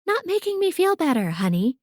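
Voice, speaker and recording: Brief: woman voicing a firm, sharp-tongued mother, a bit higher, audiobook. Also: big pitch swings, a little fast, dry recording. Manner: firm and pointed.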